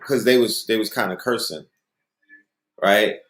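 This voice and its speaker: A man with a lowish voice hosts a casual, rambling monologue. He tells stories loosely and often checks in with "you know what I mean". The recording sounds like an echoey room. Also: measured pace, a bit bright. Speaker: host.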